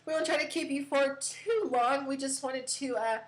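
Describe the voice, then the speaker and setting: Casting: woman host, slightly high voice, casual stream chat full of uhs and light laughs. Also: normal speed, low-quality recording. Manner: chatty, many fillers and uhs, giggly.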